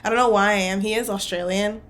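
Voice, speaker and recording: A woman's voice: mid-range voice, steady tone, quick pace, a bit bright. Chatty woman reacting to a movie. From not British. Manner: chatty, laughs often, many fillers. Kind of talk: casual movie reaction commentary.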